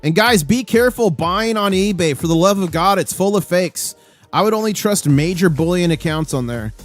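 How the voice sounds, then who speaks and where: A man's voice: sits high, animated, normal speed, no echo, soft background music. A man hosting a live stream, calling out gold and silver prices in a hyped, auctioneer-like rush. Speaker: livestream host. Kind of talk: live market commentary.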